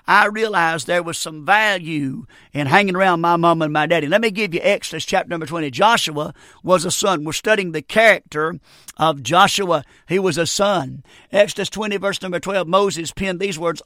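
High-voiced folksy preacher man. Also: fairly quick, pushed and bright, no room sound, clean studio sound. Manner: folksy, repetitive, emphatic. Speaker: radio preacher. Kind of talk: sermon.

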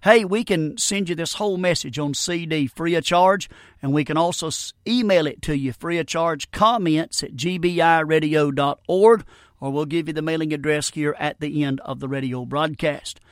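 A man's voice: on the high side, normal speed, dry recording, studio quality. A middle-aged man preaching a radio sermon in a folksy, emphatic way, often repeating himself.

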